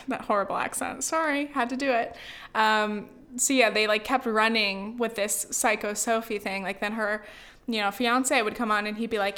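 A woman's voice: fairly high pitch, steady tone, normal speed, sharp tone. A young woman from the US West Coast chatting casually on her vlog, rambling and filling her talk with "like" and "you know". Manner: rambling, full of "like" and "you know", with sighs and laughs. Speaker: vlogger.

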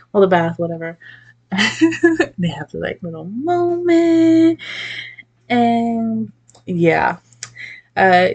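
Chatty young woman with vocal fry. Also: medium pitch. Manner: chatty, swears freely, laughs often, lots of "like". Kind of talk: casual story recap.

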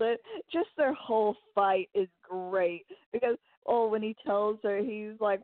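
Fast-talking woman on a tinny line. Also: a little high, no room sound. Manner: fast, animated retelling with acted-out quotes. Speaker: podcast co-host. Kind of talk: casual TV recap chat. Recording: tinny phone-like line, dry.

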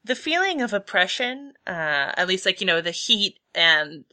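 A woman running a tabletop game as game master, narrating haltingly with many fillers. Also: mid-range voice, sing-song, sharp tone.

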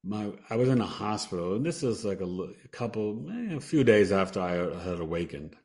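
A man's voice: fairly low pitch, expressive, brisk, a little mellow. A man who is a podcast guest, telling a personal story earnestly and acting out what people said. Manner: earnest, acts out quoted dialogue, trails off and restarts.

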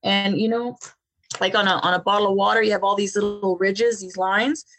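A woman guest telling her life story in an interview, animated, often repeating words and laughing between phrases. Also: mid-range voice, brisk, faint music behind. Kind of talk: personal storytelling in conversation.

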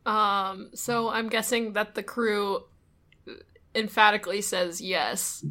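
Bright, sharp-toned woman player, deadpan and wry in casual game chat. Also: mid-range voice, slow pace. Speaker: player, ship's captain. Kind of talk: casual tabletop play.

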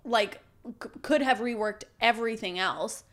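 A woman's voice: a little high, moderate pace, fairly bright tone. A woman co-hosting a podcast in casual chat, talking in an emphatic way and pushing her point. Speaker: podcast co-host.

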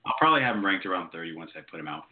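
A man co-hosting a casual sports chat, teasing and lively, over phone-like audio with faint noise. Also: sits low, rapid-fire. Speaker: co-host.

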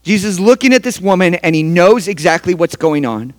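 Male pastor, sermon, high voice, emphatic, hushed to loud swings, long hall reverb. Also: expressive, a little fast.

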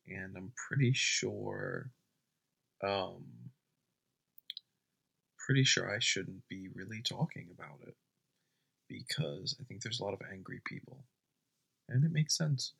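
A young man doing a deadpan comedy bit at home at night, rambling and often dropping to a whisper. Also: low voice, unhurried, vocal fry, long pauses, husky.

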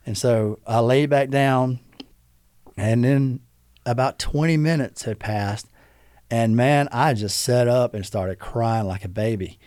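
A man's voice: mid-range voice, slow, darkish tone, no room sound, studio quality. A man guest on a podcast, telling an emotional personal story in an earnest way and acting out the voices of the people he quotes.

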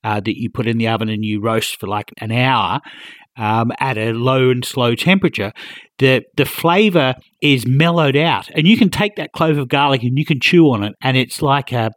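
A man's voice: medium pitch, moderate pace, no echo, clean studio sound. A man co-hosting a cooking podcast, explaining techniques in an affable, chuckling way. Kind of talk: casual chat.

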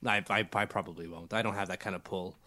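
A man's voice: sits low, steady tone, fast, pushed and bright. A man co-hosting a casual sports podcast, getting over a cold and talking in rambling, stammering restarts. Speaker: podcast co-host.

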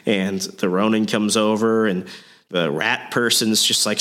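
A man with a fairly low voice recapping a comic book in casual, profane podcast chat. He leans on fillers and slang as he talks. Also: fairly even intonation, measured pace, a bit bright.

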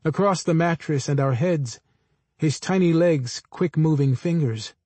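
A man narrates first-person literary fiction in a measured, understated voice. His pitch sits a little above average for a man, and the recording is close and dry, with no room echo. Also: dark tone. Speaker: audiobook narrator.

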